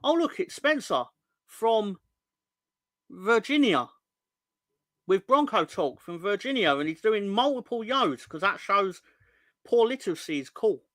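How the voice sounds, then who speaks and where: Bright, chatty man. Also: sits high, very animated, unhurried, pauses often, no echo. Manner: rambling, jokey, sweary banter with chat. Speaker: fan channel host. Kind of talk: casual live-stream chat.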